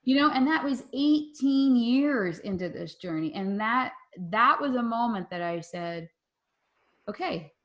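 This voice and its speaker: A woman in her forties hosting a group call, telling a personal story in a lively way and acting out the voices in her quotes. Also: a little high, a little slow, highs cut off. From Philadelphia area. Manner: animated, acts out voices in quotes. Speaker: mastermind group host.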